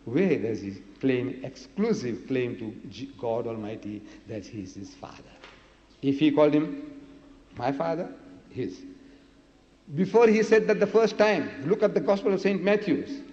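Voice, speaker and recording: A man's voice: mid-range voice, animated, a little slow, dark tone. A man giving a public religious lecture, emphatic and full of rhetorical questions, repeating his key words for effect. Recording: echoey lo-fi hall recording.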